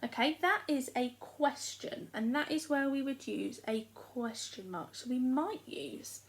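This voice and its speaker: A young woman with an English accent, a primary school teacher giving a recorded lesson in a slow, clear, encouraging way to small children. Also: high voice, poor audio.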